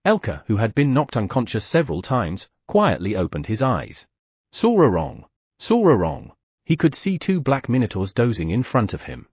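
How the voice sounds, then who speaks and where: A man narrating an audiobook in a lively storytelling manner, voicing the sound effects. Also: medium pitch, moderate pace, hardly any pauses, husky, dry recording, clean studio sound. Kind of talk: scripted narration.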